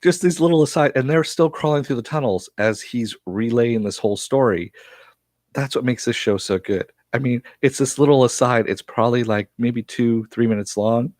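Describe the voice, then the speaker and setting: A man giving a casual, chatty spoken recap of a TV episode, often laughing and pausing with fillers. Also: mid-range voice, darkish tone, no echo, clean studio sound. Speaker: TV episode reviewer.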